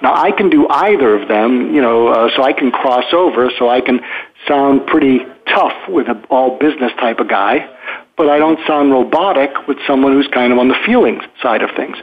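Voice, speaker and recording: This is an older man on a phone-quality line, speaking with a somewhat husky voice. He is a psychiatrist guest who explains things at length. He rambles through his points, with frequent fillers and restarts. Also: mid-range voice, expressive, moderate pace. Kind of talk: casual explanatory interview talk.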